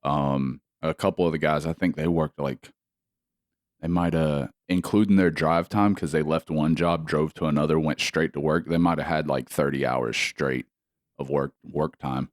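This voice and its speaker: Man, very low voice, podcast co-host, casual profane chat, dry sound. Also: steady tone, normal speed, dry recording. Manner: profane, laughs often.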